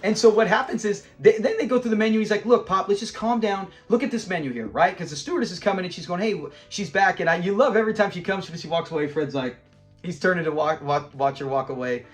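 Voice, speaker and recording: Male reviewer with a high voice, a lively retelling of episodes, faint background music. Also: quick pace. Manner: animated, laughs often, acts out lines while retelling scenes. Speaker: show reviewer.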